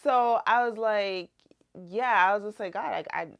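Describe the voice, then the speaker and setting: A woman's voice: mid-range voice, a little slow, vocal fry. A young woman, chatting animatedly through a personal testimony full of "like"s. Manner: chatty, animated retelling with many "like"s. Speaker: Christian vlogger. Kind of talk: casual testimony storytelling.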